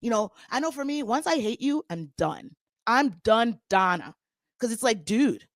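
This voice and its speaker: Sassy young woman host for a reality TV recap, bright higher voice, dry close sound, dramatic delivery. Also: big pitch swings, normal speed, no echo. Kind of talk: casual gossip recap.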